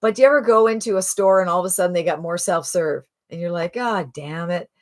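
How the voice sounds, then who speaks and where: A woman in her sixties giving a casual, rambling sales pitch to camera, chatty and full of restarts. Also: fast. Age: 60s. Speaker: online marketing promoter.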